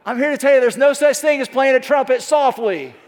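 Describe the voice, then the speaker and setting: A middle-aged man preaching with an emphatic, folksy delivery, tossing out rhetorical questions to the congregation. His voice sits high for a man. A long hall reverb trails each phrase. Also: a little fast. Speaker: pastor. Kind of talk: sermon.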